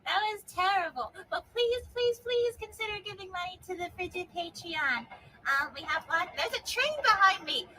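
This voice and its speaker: A woman's voice: very high voice, normal speed, sharp tone, recorded from a distance, a little hiss or hum, rough recording. A woman sings and talks a silly, self-deprecating plea for donations. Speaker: theater company member asking for donations. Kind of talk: goofy improvised song pitch. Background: ukulele strumming.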